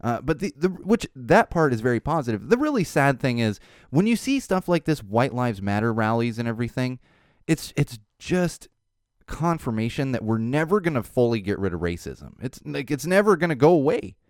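Male podcast host, sarcastic casual rant, animated pitch, dry close mic. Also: moderate pace, no echo. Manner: sarcastic, ranting, frequent restarts and laughs. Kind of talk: casual opinion monologue.

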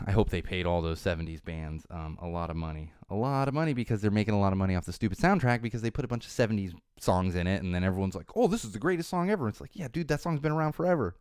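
A man in his thirties from the Chicago area rambles through a casual podcast monologue, quick and sarcastic. His voice is low-set and smooth. It is recorded close and dry, with no room sound. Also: darkish tone, no room sound. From Chicago area, USA. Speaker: podcast host. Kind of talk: casual solo podcast chat.

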